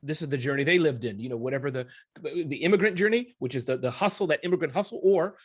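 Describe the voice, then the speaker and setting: A man being interviewed as an entrepreneur, talking in an animated way, often addressing the host by name and acting out little scenes. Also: a little high, fast, husky. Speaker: guest entrepreneur. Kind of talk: conversational summit interview.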